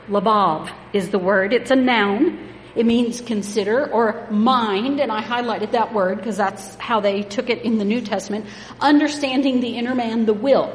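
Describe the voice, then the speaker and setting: Emphatic woman preaching in an echoey hall. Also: unhurried. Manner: emphatic, rising in pitch and volume when stressing words. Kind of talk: sermon. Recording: echoey hall with faint background noise.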